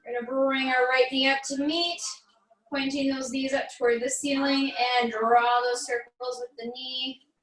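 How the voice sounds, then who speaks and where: An American woman, a fitness instructor, calmly guiding a barre stretching class with encouraging cues and light jokes. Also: sits high, normal speed, roomy sound, recorded from a distance, poor audio.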